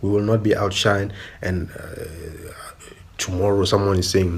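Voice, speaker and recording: Emphatic young South African man, husky. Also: deep voice, fairly even intonation, moderate pace, a little mellow. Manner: emphatic, repetitive, rhetorical questions. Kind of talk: opinion monologue.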